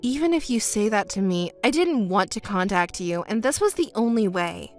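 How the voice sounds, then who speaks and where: A woman's voice: medium pitch, expressive, moderate pace, faint music behind, lightly acted. A woman reading the part of a cheating husband in a texting story, pleading and defensive, stammering when cornered. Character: cheating, embezzling husband, adult man.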